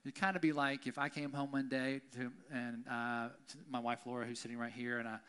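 A man's voice: mid-range voice, flat delivery, fairly quick, fairly bright tone, smooth. A male pastor preaching a conversational sermon, often checking in with the congregation. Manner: conversational, keeps asking "right?".

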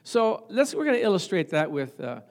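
A man's voice: high-pitched, sing-song, a little fast, a little mellow. A middle-aged male pastor preaching a sermon, stressing points by repeating phrases and chuckling at his own stories.

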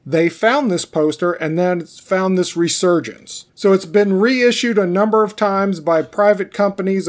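A man co-hosting a casual chat show, joking around while explaining trivia at length. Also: high voice. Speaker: podcast co-host.

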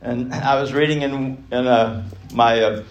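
A man's voice: medium pitch, fairly even intonation, a little slow, dull audio. A man teaching an adult Bible class, emphatic, chuckling between points and repeating key phrases for emphasis.

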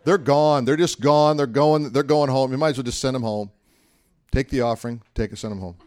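A male pastor preaches in a relaxed, conversational way, mixing in funny stories and asides. His voice sits at an ordinary pitch for a man. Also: a little fast. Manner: humorous, anecdotal, conversational preaching. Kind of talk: sermon.

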